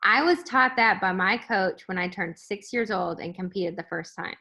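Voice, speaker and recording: A woman's voice: medium pitch, moderate pace, pushed and bright. Rambling woman on a video call. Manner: open, rambling, many filler words. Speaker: guest at an online moms' meet-up. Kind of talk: casual chat.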